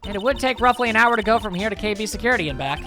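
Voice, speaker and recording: A woman voicing a flustered young male lawyer in a fan voice-over of a game, with wry, deadpan asides. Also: mid-range voice, racing, over music, lightly acted.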